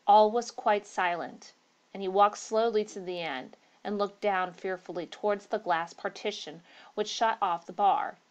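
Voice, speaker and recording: A woman narrating a ghost story aloud, steady, with small slips and restarts. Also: mid-range voice, a little slow, smooth, dull audio.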